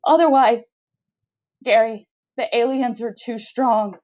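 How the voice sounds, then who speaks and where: A woman's voice: a little high, slow, a little mellow. A woman voicing a male office worker who pleads urgently and insistently, heard on a slightly dull lo-fi recording.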